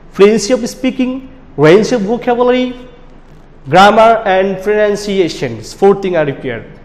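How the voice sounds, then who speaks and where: A man from Bangladesh with a Bangladeshi English accent, teaching an exam prep class in an emphatic style that repeats key words. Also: sits high. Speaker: IELTS teacher. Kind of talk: classroom lecture. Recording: long hall reverb.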